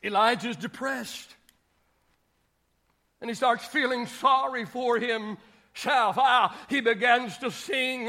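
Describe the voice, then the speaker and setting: A male pastor preaching a sermon in an animated way, acting out Bible scenes with humor. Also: extremely high pitch, slow pace, pauses often.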